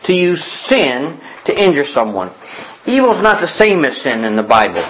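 A male pastor delivering a sermon after an opening prayer, reading scripture aloud and repeating key definitions slowly for emphasis. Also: a little high, huge pitch swings, highs cut off, slight background noise. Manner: reads scripture aloud with pauses for note-taking.

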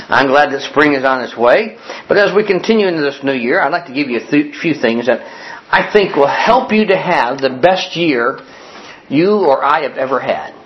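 A male pastor delivering a sermon after an opening prayer, reading scripture aloud and repeating key definitions slowly for emphasis. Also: mid-range voice, lo-fi sound. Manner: reads scripture aloud with pauses for note-taking.

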